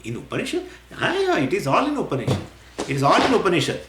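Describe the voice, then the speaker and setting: A man teaching scripture in a lecture. He talks in an animated way, acts out imagined questions and often chuckles. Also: fairly high pitch. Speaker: spiritual teacher. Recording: roomy echo.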